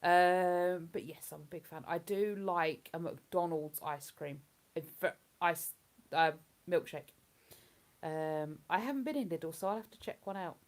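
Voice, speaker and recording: A woman's voice: on the low side, unhurried. A woman with a London-area English accent hosting a casual live stream, chatting, rambling and reading out viewer comments. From England. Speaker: livestream host.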